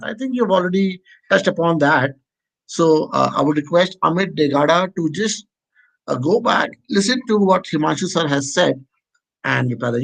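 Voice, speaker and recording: Gravelly male host. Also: fairly high pitch, a bit bright, poor audio. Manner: effusive, keeps repeating thanks. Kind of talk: interview hosting.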